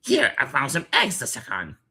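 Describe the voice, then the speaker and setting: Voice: medium pitch, wildly swooping pitch, moderate pace, bright, forceful tone, slightly rough, exaggerated voice. Whiny bickering rat creatures. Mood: petulant. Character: squabbling cowardly rat creatures on the run. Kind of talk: video game character dialogue.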